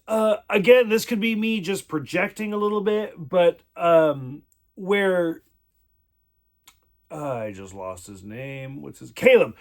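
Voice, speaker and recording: A man's voice: high-pitched, lively intonation, takes it slowly. A man giving a casual spoken review of a TV episode, rambling, swearing freely and filling his talk with "like". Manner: rambling, profane, many "like" fillers.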